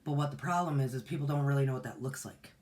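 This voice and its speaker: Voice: medium pitch, quick pace, a little mellow. A meditation teacher in their forties hosting a casual livestream, talking in a folksy, rambling way with many restarts. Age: 40s. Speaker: meditation teacher and channel host.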